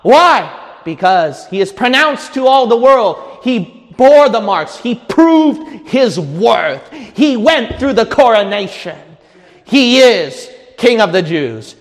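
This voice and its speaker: Impassioned high-voiced preacher, long hall reverb. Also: male voice, sing-song, takes it slowly. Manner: impassioned, rising to shouts and cries. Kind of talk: sermon.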